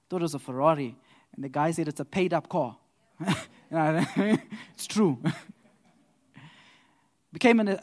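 Animated man preaching a testimony. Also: sits high. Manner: animated storyteller who laughs and swells into loud exclamations. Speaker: lay preacher giving a testimony. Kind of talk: church testimony building into preaching.

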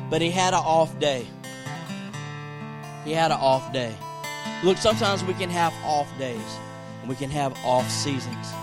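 A male pastor with a slightly higher voice preaches to his congregation, swinging from rousing, emphatic lines to quiet, hushed telling. Soft guitar music plays underneath him throughout. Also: unhurried, pauses often. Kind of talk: sermon.

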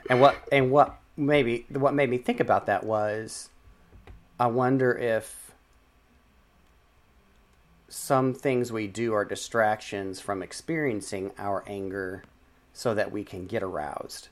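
A man's voice: on the low side, slow pace, pauses often. A man co-hosting a casual podcast who speaks reflectively and tentatively, often hedging his thoughts. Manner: reflective and tentative, with many hedges. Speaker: podcast co-host. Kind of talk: casual conversation.

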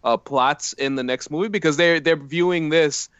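A man on a podcast panel speaking in a measured, thoughtful way. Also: a little high, a bit bright, smooth, no echo, highs cut off. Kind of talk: casual chat.

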